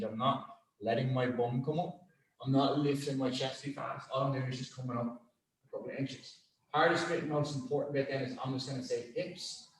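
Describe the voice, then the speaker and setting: A man's voice: mid-range voice, roomy sound. A man coaching a group weightlifting class, calling out positions and counting down holds with encouragement. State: out of breath. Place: gym.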